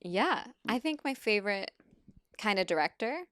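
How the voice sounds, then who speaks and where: A woman's voice: medium pitch, lively intonation, normal speed, fairly bright tone, dry recording. A woman guest on a podcast, an actor and script supervisor, chatting casually and laughing often. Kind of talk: casual conversational interview.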